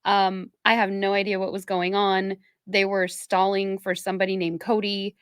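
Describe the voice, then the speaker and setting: A woman's voice: medium pitch, completely flat delivery, normal speed, clear, resonant tone, dry recording, studio quality. A woman co-hosting a podcast in casual chat, wry and playful, laughing easily. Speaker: podcast co-host.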